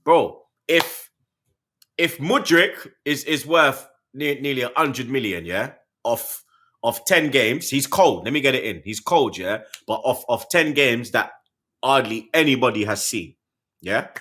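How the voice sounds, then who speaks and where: A man, a co-host talking football in a casual, slangy chat and often breaking into loud put-on voices. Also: medium pitch, animated, measured pace. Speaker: podcast co-host.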